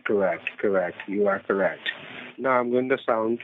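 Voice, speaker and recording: A man on a phone call, speaking in halting, broken phrasing and insisting on his instructions. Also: fairly low pitch, slight background noise. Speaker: phone scammer. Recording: tinny phone line.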